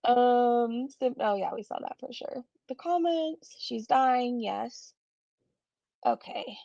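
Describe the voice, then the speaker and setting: A woman's voice: fairly high pitch, takes it slowly, gravelly, mellow, no room sound, highs cut off. A woman doing casual live-stream commentary, chatting and reading viewer comments aloud with blunt, swearing asides.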